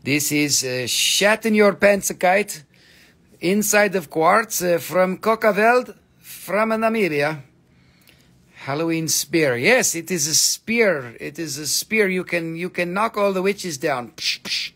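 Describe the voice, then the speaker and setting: Rambling over his stones, an American-accented man jokes and curses his way through a relaxed crystal sale on a live stream. He speaks slowly in a high, animated, slightly bright voice.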